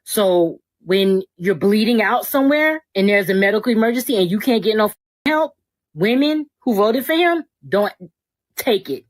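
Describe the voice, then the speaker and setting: A woman's voice: mid-range voice, expressive, normal speed, dry recording, poor audio. A woman in an angry vlog rant, speaking in a bitter, cutting way with profanity. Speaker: social media poster.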